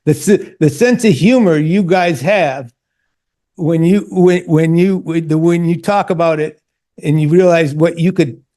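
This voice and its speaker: A man's voice: a little high, unhurried, warm tone. A man hosting a casual interview, talking with enthusiasm while stumbling and repeating words as he goes. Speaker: host.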